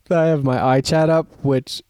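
A man's voice: on the high side, a little mellow. A man in casual chat on a video call, who laughs often and swears casually.

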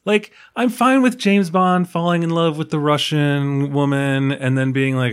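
Brief: fairly high-voiced male podcast host, tired, rambling, chatty. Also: fairly even intonation, a little slow, hardly any pauses, smooth. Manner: rambling, many fillers and restarts. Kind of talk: casual film discussion.

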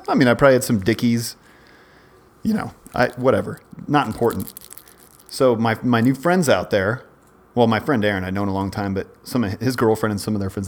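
A man in his forties, a podcast co-host, telling a long rambling story in casual chat, often breaking off and restarting. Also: on the low side. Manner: rambling, self-interrupting storyteller.

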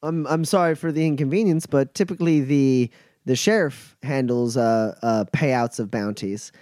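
A man's voice: medium pitch, normal speed, a little mellow, studio quality, close to an everyday voice. A man voicing a courteous, slightly apologetic male receptionist at a town hall desk. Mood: polite.

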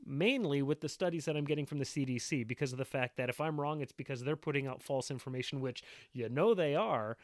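A man's voice: medium pitch, quick pace, few pauses, no room sound, studio quality. A man making online videos, ranting at length in an angry, insistent, repetitive way. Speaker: video maker. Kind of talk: impassioned ranting monologue.

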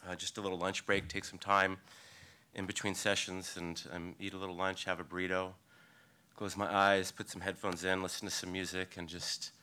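A man with a lowish, bright, forceful voice tells a true story of his own live before an audience. He talks in a vivid, halting way, rising into eager bursts and then dropping to hushed, careful phrases. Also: clean tone. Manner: vivid, halting retelling that swings between excited and hushed. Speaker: storyteller, local surfer. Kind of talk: personal story told live on stage.

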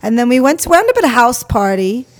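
A young woman telling a funny story in casual chat, lively and laughing as she goes. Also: a little high, fast talker.

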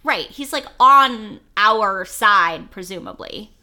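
A woman's voice: mid-range voice, lively intonation, takes it slowly, bright, forceful tone. A woman co-hosting a podcast in casual, frank chat. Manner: frank, chatty, swears casually. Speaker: podcast co-host.

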